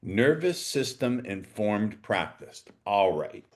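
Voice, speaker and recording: A man's voice: on the low side, sing-song, takes it slowly. A man hosting a podcast interview, joking and talking with theatrical emphasis. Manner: playful, jokey, theatrical emphasis. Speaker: podcast host.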